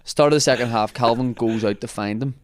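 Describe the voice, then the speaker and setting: A man hosting a comedy podcast, telling an animated anecdote in casual chat and laughing often. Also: mid-range voice, a little fast, no room sound.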